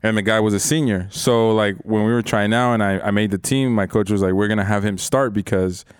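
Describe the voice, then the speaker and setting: A man's voice: lowish voice, steady tone, a little fast, clear, resonant tone, no room sound, clean studio sound. A man in his twenties telling stories in casual chat, swearing a lot and laughing often. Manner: profane storytelling, laughs often, acts out quotes.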